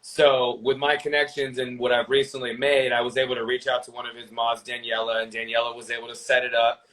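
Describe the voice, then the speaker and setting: A man's voice: medium pitch, level tone, brisk, fairly bright tone, rough recording. A young man, a gaming streamer, talking casually as a podcast guest, rambling with lots of fillers and restarts.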